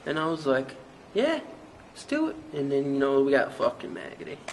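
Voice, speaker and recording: An actor with a Newfoundland accent playing a young small-town rapper who rambles through a hazy, profane story in an interview. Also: male voice, mid-range voice, very animated, normal speed, a little hiss or hum, low-quality recording. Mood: rambling. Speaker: mockumentary interviewee.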